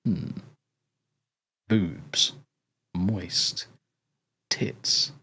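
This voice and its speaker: A man's voice: low-pitched, pushed and bright, breathy edge, voice pushed down, exaggerated voice. A man putting on a sultry late-night radio crooner. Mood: mock-sultry. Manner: mock-seductive and slow.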